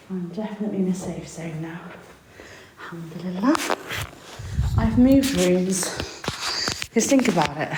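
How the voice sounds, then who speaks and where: A woman talks slowly and softly into her phone, out of breath and sometimes dropping to a murmur. The phone recording carries a clear layer of background noise. She chats casually, as if to followers on a livestream. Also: on the low side, poor audio. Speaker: vlogger. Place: small room in a mosque.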